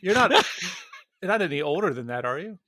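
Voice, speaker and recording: A man's voice: fairly high pitch, animated, fairly quick, fairly bright tone, dry recording, clean studio sound. A young man in his twenties co-hosting a podcast, chatting casually with a giggly, rambling manner. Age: 20s. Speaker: podcast co-host. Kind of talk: casual chat.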